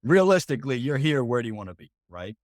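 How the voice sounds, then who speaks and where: A man coaching on a group call, talking casually and directly and acting out quick bits of client dialogue. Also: medium pitch, sing-song, dry recording, clean studio sound. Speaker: business coach. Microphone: video call.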